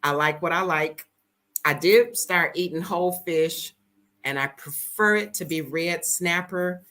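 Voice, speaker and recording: A woman chatting casually to her viewers, telling animated stories with jokes and sudden high-pitched exclamations. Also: measured pace. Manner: colloquial, joking, talks to viewers as y'all. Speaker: travel vlogger. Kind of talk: casual chat to camera.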